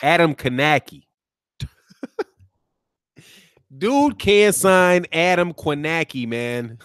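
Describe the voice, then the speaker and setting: A man with a Midwest American accent hosts a boxing channel live stream, reacting to chat in an animated, mocking way, laughing often and tossing in "man" and "dog.". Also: sits high, no room sound, studio quality.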